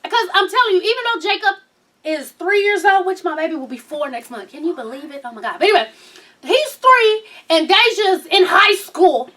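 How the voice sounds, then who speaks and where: A woman vlog host telling a story in casual chat, loud, laughing and cussing as she goes. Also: very high voice, expressive, normal speed, distant mic.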